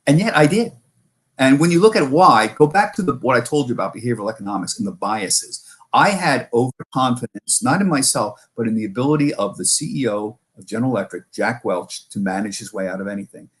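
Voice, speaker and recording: A middle-aged man, a markets correspondent, talking casually in an interview and telling stories with many restarts and self-corrections. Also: medium pitch.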